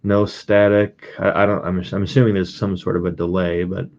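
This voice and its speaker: A man with a very deep, low voice talks casually on a live stream, greeting viewers one by one. He rambles with plenty of fillers and restarts and chuckles now and then. The audio is dull and lo-fi. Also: level tone, moderate pace, darkish tone. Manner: rambling, chatty, reads out viewer names. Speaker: streamer and coin collector.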